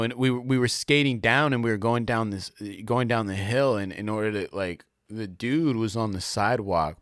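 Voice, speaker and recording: A man's voice: on the low side, dry recording, clean studio sound. A young adult man hosting a casual solo podcast monologue, rambling and slangy, full of fillers as he tells a story. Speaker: podcast host.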